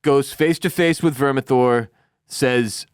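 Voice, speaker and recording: A man co-hosts a casual recap chat, telling scenes with energy and acting out characters in quick voices. His voice sits at a middle pitch and is recorded dry and close. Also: smooth, no echo. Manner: animated, acts out characters' lines in quick impressions. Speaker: podcast co-host.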